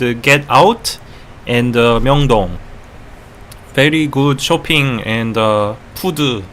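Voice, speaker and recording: A man putting on a halting Korean-accented English. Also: a little high, fairly bright tone, a little hiss or hum, voice pushed up. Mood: eager helper. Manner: halting, simple words, lots of uh. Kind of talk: live stream chat.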